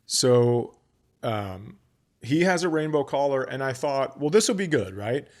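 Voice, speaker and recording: A man's voice: medium pitch, lively intonation, unhurried. A middle-aged male comedian hosting a podcast, telling a story in profane casual chat and acting out both sides of the conversation.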